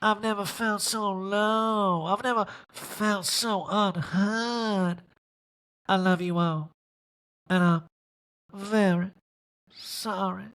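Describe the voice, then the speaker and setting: A man parodying a glamorous woman in theatrical tears, with breathy, drawn-out, mock-dramatic delivery. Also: sits high, steady tone, a bit bright, pitched above the performer's own voice, full character voice. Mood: mock-sobbing.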